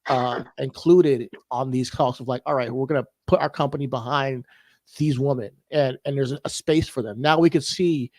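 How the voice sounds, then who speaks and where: A man co-hosting a casual wrestling podcast, relaxed and sure of his opinions. He stretches words out when he makes a point. His mid-pitched voice is recorded dry and close. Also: moderate pace, no room sound. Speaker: podcast co-host.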